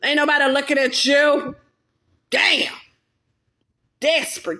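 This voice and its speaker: A woman with a bright, sharp-edged voice delivers a blunt, heated monologue straight to the camera. She talks in a casual, profane rant at a middle pitch. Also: expressive, normal speed. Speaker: vlogger.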